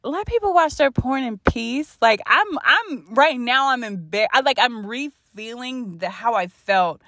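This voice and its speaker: A woman's voice: a little high, expressive, a little slow, a bit bright, no echo, studio quality. Blunt, profane young woman storyteller. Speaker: podcast host. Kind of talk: candid storytelling.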